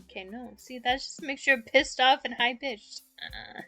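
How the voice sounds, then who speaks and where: Her high-pitched voice comes out pushed and bright at a normal pace as she chats casually on stream. The young woman laughs often between sentences, right up against her microphone, while soft music plays underneath.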